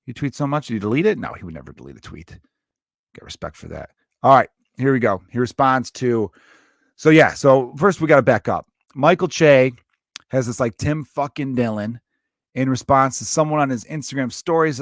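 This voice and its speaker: A man's voice: mid-range voice, normal speed, no echo. Man, young adult, podcast host, rambling, profane, jokey, dry close sound. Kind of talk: casual solo podcast talk.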